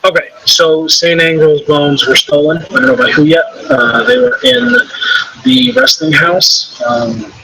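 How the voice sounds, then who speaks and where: A man playing in a tabletop game, halting and full of fillers. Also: on the high side, vocal fry, noisy background. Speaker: player. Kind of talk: casual tabletop play.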